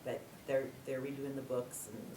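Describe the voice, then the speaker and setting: A woman in a workshop sharing a story from her job, rambling with quick restarts. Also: rumbling low, steady tone. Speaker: workshop participant. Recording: echoey room, mic far off, noisy.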